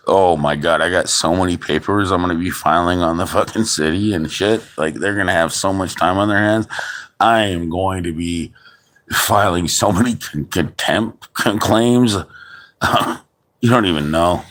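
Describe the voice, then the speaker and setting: A man with a very low, deep voice vents in a long, heated monologue. He swears in nearly every sentence and keeps stumbling and restarting as he talks. Casual and unscripted, like talking straight to his stream. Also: a bit bright. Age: adult father. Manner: heavily profane, ranting with restarts. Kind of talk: angry venting monologue.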